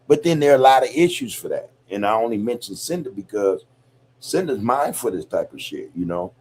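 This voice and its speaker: In a sing-song, slightly rough voice of medium pitch and darkish tone, a man hosts a podcast a little fast. His casual monologue is reflective, loose and profane, peppered with "you know, man."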